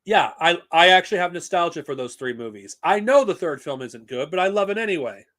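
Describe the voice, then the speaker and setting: A man's voice: sits high, animated, fairly quick, a bit bright. A man talking casually on a live stream, blunt and profane, rambling with frequent restarts. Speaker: streamer reviewing comics and films.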